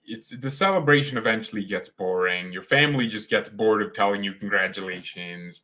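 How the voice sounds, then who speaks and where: Opinionated male football fan, bright voice. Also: fairly low pitch, animated, normal speed, few pauses. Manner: opinionated, rambling, slangy. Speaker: fan channel host. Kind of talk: casual live match watchalong commentary.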